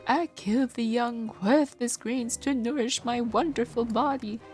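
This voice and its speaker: A woman voicing a pushy, boastful talking food plant in a game, reading its lines in a high, sing-song, salesy voice. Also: measured pace, a little mellow, faint music behind, lightly acted. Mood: dismayed. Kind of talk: reading game dialogue aloud.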